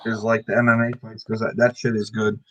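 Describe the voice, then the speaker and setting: A man's voice: fairly low pitch, level tone, brisk, no echo, lo-fi sound. A man in casual podcast chat, making blunt, offhand remarks.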